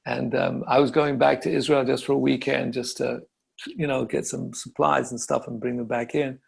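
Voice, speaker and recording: A man hosting an interview, speaking effusively with frequent halting restarts. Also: medium pitch, flat delivery, creaky, husky. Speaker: yoga teacher, host. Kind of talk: conversational interview.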